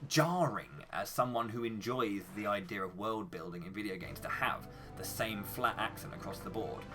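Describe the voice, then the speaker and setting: A man's voice: medium pitch, fairly bright tone. A British man ranting passionately in casual live-stream commentary, swearing freely as he talks. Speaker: speedrunner and streamer.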